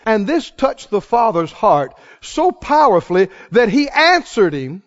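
Impassioned high-voiced preacher, echoing hall. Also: male voice, big pitch swings, unhurried. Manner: impassioned, rhetorical questions, sudden swings from hushed to loud. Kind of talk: sermon. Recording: reverberant hall, muffled sound.

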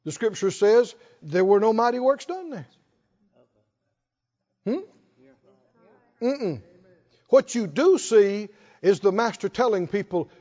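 A man preaches in a very high voice that swings widely up and down, with rhetorical questions thrown out to the congregation. The recording sounds dull and lo-fi. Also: big pitch swings, takes it slowly, long pauses, warm tone, big-room sound. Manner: rhetorical, asks the congregation to respond. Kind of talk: sermon.

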